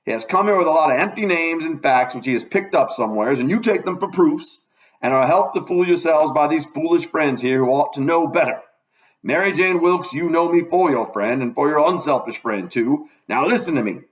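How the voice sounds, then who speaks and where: A man voicing an angry, stern older male doctor who speaks in forceful, accusing tones in a storybook reading. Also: fairly high pitch, expressive, brisk, close to an everyday voice. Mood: indignant.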